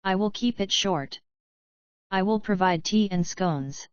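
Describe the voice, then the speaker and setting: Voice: medium pitch, unhurried, clean tone, no room sound, lo-fi sound, natural voice. A woman voicing a polite, methodical female unicorn scholar who asks formal questions.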